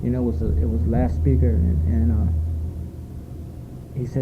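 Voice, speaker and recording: A man's voice: medium pitch, little pitch movement, normal speed, vocal fry. A man sharing his recovery story at a meeting, rambling and heartfelt, with many fillers. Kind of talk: personal testimony at a recovery meeting. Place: meeting room at a retreat. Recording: phone-like lo-fi tape with faint noise.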